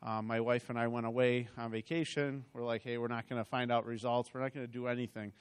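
A man's voice: mid-range voice, little pitch movement, fast, clear, resonant tone. A middle-aged man telling his personal testimony to a church, chatty and rambling, with frequent restarts and asides. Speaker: church member giving a testimony. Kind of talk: personal testimony told as a story.

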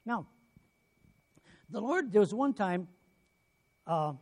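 A man preaching a sermon, telling stories and acting out quoted voices, swinging from loud bursts to quiet asides. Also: sits high, big pitch swings, slow.

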